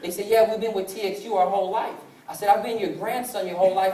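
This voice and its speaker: A young man with a high voice gives a motivational sales talk, acting out the people in his stories. He is picked up from a distance in a roomy, echoing hall with faint ambience behind him. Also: fairly even intonation, quick pace, few pauses, a little mellow, some chatter behind. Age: 20s. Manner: storytelling that acts out family dialogue. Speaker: sales presenter. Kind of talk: motivational business presentation.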